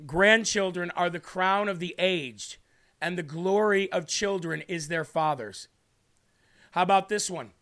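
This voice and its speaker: A man's voice: high voice, fairly bright tone. A man hosting a live show, reading scripture aloud and preaching with emphatic, repeated lines. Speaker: livestream show host.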